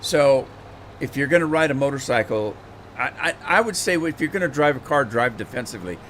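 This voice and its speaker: A man's voice: mid-range voice, animated, brisk, fairly bright tone, a little hiss or hum. A middle-aged man hosting a game livestream, chatting casually and rambling, often repeating words as he thinks. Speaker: gaming livestream host. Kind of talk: casual chat while playing a game.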